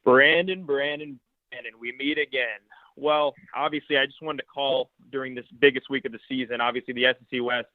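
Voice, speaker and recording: A man's voice: medium pitch, fairly even intonation, brisk, dry recording. Needling male caller on a phone line. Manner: mock-polite, needling.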